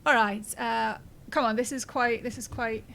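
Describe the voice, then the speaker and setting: A woman's voice: fairly high pitch, fairly even intonation, normal speed, creaky, a bit bright, slight background noise, poor audio. Chatty woman streaming a game. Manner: chatty, reads game text aloud, swears and laughs freely. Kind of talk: casual gameplay commentary.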